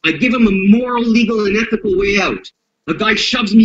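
A man's voice: sits high, a little fast, fairly bright tone. A man speaking as a self-defense instructor in an interview, blunt and profane, acting out street confrontations as he explains violence. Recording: dull lo-fi audio.

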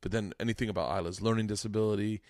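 A man's voice: fairly low pitch, steady tone, rapid-fire, a little mellow, no room sound. Dry-sounding man telling stories. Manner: loose storytelling, swearing freely, lots of restarts. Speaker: podcast host. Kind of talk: casual chat.

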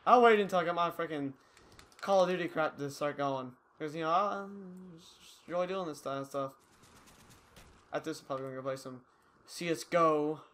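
A man's voice: fairly high pitch, a little fast, fairly bright tone. A young man giving casual, rambling, self-mocking commentary over his own gameplay. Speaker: gaming YouTuber.

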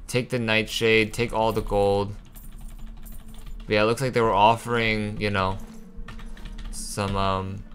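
A young man giving casual, excitable commentary over a video game, venting his frustration and swearing. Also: lowish voice. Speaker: gaming channel host.

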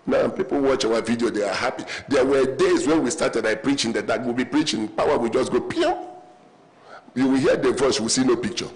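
A man's voice: mid-range voice, fast, hardly any pauses, rough recording. A man preaching a sermon in a church auditorium, telling humorous stories and calling the congregation to respond. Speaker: pastor.

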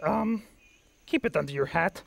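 Gravelly pompous furry monster. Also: male voice, a little high, animated, normal speed, background noise. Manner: formal, no contractions, overly confident. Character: blue furry monster, pompous bumbling self-declared expert.

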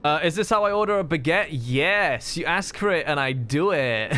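A man streaming a game, chatting with friends in quick, sarcastic banter. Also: on the high side, lively intonation, pushed and bright. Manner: sarcastic, fast-talking banter. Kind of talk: casual gaming chat.

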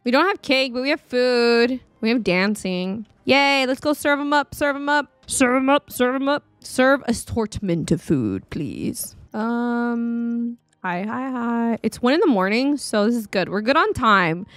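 A woman gaming YouTuber giving casual, chatty let's-play commentary at her desk mic, excitable and often laughing. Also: on the high side, no echo. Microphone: studio desk mic.

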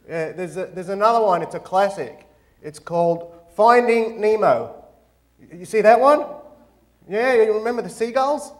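A man's voice: sits high, animated, moderate pace. A man from Australia with an Australian accent, giving a playful, joking talk to an audience as guest speaker. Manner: playful, joking, sings out greetings. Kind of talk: lively stage talk with jokes. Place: campus auditorium.

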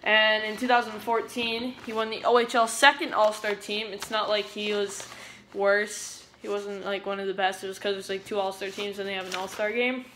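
A woman's voice: medium pitch, flat delivery, normal speed, a bit bright, a little hiss or hum. A woman giving a casual fan presentation as a vlogger, chatty and digressive, stopping often to explain terms. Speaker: vlogger presenting a hockey player.

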